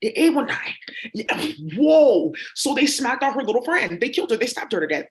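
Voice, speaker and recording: A woman vlogger, her voice fairly high and very animated at a normal pace, talks directly to viewers. She rambles on accusingly, leaning heavily on ums and uhs.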